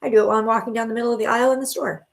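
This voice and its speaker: A middle-aged woman hosts a live stream of spiritual readings, talking very fast in a fairly high, steady voice with vocal fry. She chats casually, restarts often, uses fillers, and comforts viewers with pet names like honey and sweetheart.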